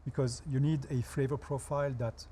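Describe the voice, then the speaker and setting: A man's voice: mid-range voice, steady tone, brisk, dark tone, slight background noise. French-accented man explaining, dry humor. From France. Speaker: guest chef. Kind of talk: TV talk show interview.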